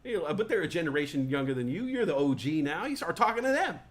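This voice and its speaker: Talk show host, male, thirties, high-ish pitch, loose profane storyteller who slips into voices. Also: sing-song, fast. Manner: profane, rambling, acts out party voices. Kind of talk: casual comedic storytelling.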